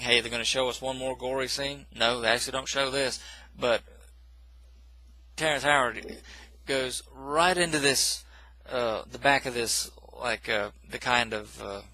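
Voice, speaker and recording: A man's voice: medium pitch, bright, forceful tone, rough recording. A man casually recapping a film plot in a rambling, self-correcting way, with dismissive asides. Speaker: movie reviewer.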